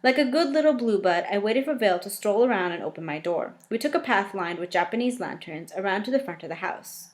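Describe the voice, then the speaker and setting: A woman reading a first-person novel aloud, often breaking off to react with lively, joking asides. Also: medium pitch.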